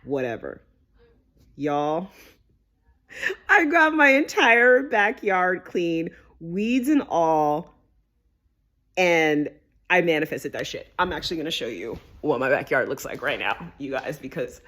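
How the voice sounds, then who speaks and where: A woman vlogger telling a personal story to camera in a casual, animated way, stressing words and swearing freely. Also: low-pitched, slow. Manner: animated, emphatic, peppered with swearing and "right?".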